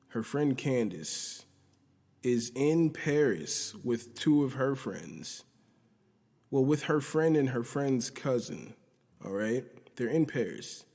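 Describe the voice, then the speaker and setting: A man hosting a podcast, recapping a TV episode in a rambling, profane, casual way and quoting the characters as he goes. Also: darkish tone. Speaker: podcast host. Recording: roomy low-quality audio from video.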